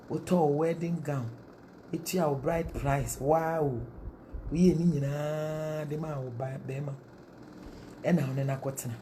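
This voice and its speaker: Animated Ghanaian woman preacher. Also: sits low, slight background noise. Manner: animated, mixing Twi and English, rhetorical questions. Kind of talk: sermon-style marriage counsel.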